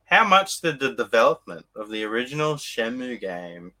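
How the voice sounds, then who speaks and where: A man's voice: mid-range voice, very animated, normal speed, pushed and bright. An Australian man hosting a collectors' podcast and running a quiz, upbeat and leading the talk. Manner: upbeat, leads the talk and explains rules. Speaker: podcast host.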